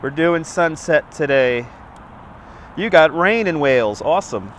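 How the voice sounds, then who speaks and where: A man's voice: fairly high pitch, animated, a little slow. A man hosting a live walking stream from a phone on a gimbal, greeting viewers by name in a chatty, upbeat way, his nose a bit stuffy. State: slightly stuffy nose, voice may crack. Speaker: livestream host. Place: outdoors on a city street. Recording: faint street and traffic noise.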